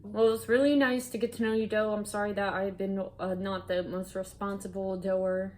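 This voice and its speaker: A woman's voice: mid-range voice, level tone, normal speed, slight background noise. A woman hosting a casual comedic cooking chat at home, joking and playfully mock-dramatic. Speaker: host.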